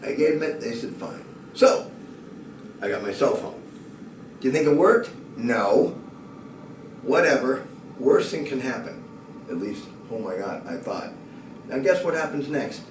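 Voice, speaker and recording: Animated male storyteller in echoey room. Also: medium pitch, unhurried, long pauses, a little hiss or hum. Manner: lively, building to excited shouting and laughter. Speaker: speaker. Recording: echoey room from a distant mic.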